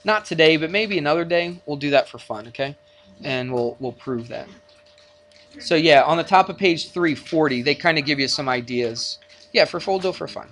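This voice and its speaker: A man's voice: fairly high pitch, lively intonation, moderate pace, a bit bright. Chatty male math teacher. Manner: chatty, jokey, bantering with students. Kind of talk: classroom lecture. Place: classroom.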